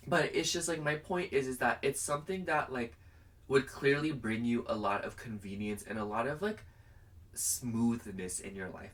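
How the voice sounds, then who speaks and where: A man's voice: fairly low pitch, distant mic. A young man chatting casually through a pick-a-card tarot reading to camera, rambling and filling his talk with "like". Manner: chatty and rambling, heavy use of "like". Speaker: tarot reader.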